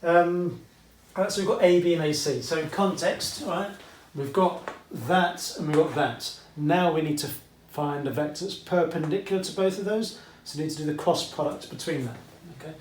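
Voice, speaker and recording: A man's voice: fairly high pitch, normal speed, distant mic, a little hiss or hum. Chatty British man teaching maths, echoey room. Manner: chatty, asks "okay?" often, asides to viewers. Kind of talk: whiteboard maths lesson. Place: classroom with whiteboard.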